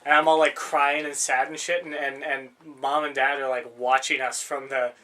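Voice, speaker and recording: A man's voice: medium pitch, level tone, moderate pace, bright, forceful tone. A young man co-hosting a podcast in casual chat, rambling and swearing freely, laughing often. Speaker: podcast co-host.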